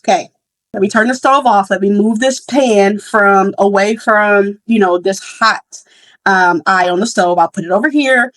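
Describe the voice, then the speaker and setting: A woman's voice: mid-range voice, unhurried, a bit bright, dry recording, poor audio. A young woman hosting a podcast, telling a story in a casual, candid way with many fillers and restarts. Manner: candid and reflective. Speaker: podcast host.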